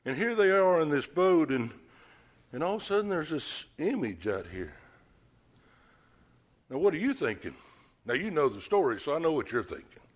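A man's voice: a little high, sing-song, normal speed, long pauses. A man preaching a sermon, telling the story with animation and acting out scenes.

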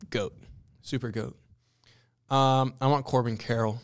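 A young man in casual podcast banter, loose with slang and quick to joke. His voice is smooth and resonant, mid-pitched. The sound is close and dry. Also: fairly even intonation, no echo. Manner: slangy, blunt, laughs easily. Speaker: podcast co-host. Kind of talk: casual chat.

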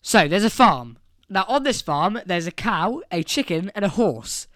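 A man's voice: sits high, sing-song, measured pace, a bit bright, dry recording, studio quality. A man co-hosting a podcast, telling a long joke in a playful, rambling way. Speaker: podcast co-host. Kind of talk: casual joke-telling chat.

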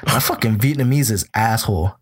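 A man's voice: on the low side, a little fast, slightly rough. A tired young man hosting a podcast, telling a long rambling story in casual, profane chat. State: tired from lack of sleep. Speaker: podcast host.

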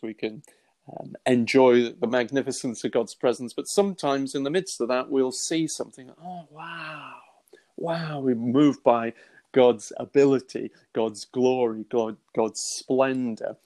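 A man's voice: mid-range voice, unhurried. Earnest middle-aged man teaching on faith. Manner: earnest, lively, acts out quoted thoughts, frequent restarts. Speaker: Christian teacher. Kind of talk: conversational teaching.

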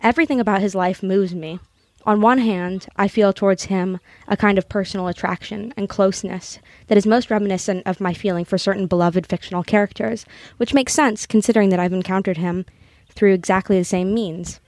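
A young woman from Los Angeles talks casually on a podcast, laughing easily between lines. When she reads aloud, she slows into an earnest, careful delivery. The sound is close and dry, with no room around it. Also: medium pitch, steady tone, darkish tone, dry recording. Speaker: podcast co-host. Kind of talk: casual chat with a read-aloud passage.

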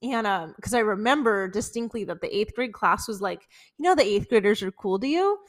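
With an animated, brisk voice in the mid range, this podcast co-host, a woman in her twenties, shares embarrassing stories in loose, chatty conversation. She laughs through the tales and leans heavily on "like."

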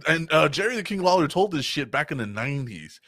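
A man chatting casually and telling a profane, animated story, acting out loud quotes. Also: a little high, a little fast, no echo, studio quality. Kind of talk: casual chat.

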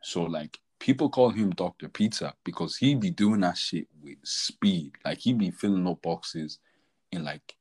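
Podcast co-host, young man, deep husky voice, loose slang-heavy storytelling. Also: measured pace, a little mellow, poor audio. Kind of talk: casual chat.

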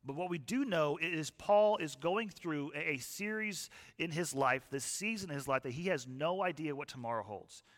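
Bright-voiced man preaching in a reverberant hall. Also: fairly high pitch, lively intonation, normal speed, hardly any pauses. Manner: conversational, asks the audience questions. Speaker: pastor. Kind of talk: sermon. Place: church hall with live audience.

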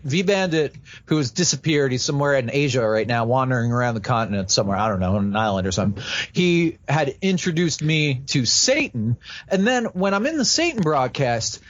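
Animated, lively-pitched man chatting. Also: a little fast, dry recording. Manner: animated, laughs often, jokey. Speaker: podcast guest. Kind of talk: casual podcast chat. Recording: dull lo-fi dry sound.

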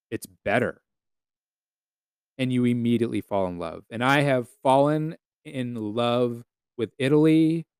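A man's voice: mid-range voice, a little mellow, clear, resonant tone, no room sound, clean studio sound. A man hosting his own podcast, talking casually and sarcastically, swearing often and laughing between stories. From United States. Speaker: podcast host. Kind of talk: casual solo podcast monologue.

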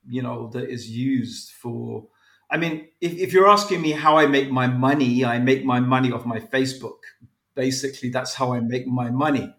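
A man's voice: medium pitch, a bit bright. An English man with a mixed, once-posh accent, a podcast guest who talks in a rambling, hesitant way. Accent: English, posh schooling mixed. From England. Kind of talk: casual interview chat. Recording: echoey room.

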